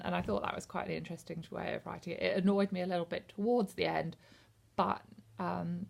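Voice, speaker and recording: A woman's voice: lowish voice, creaky. A woman in her thirties from the UK, casually reviewing a book on camera in a rambling, hesitant way with lots of ums. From United Kingdom. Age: 30s. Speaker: book vlogger.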